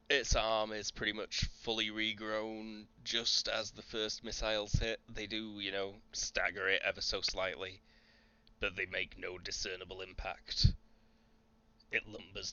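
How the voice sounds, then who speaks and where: A man with a low, bright voice narrates a tabletop game as its game master. He describes each scene at a steady, unhurried pace. The sound is dull and lo-fi, like a voice call. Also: smooth.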